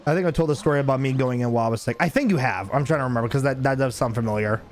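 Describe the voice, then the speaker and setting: A man's voice: mid-range voice, racing, faint music behind. A young man streaming a game, telling a rambling, profane story in a casual chat.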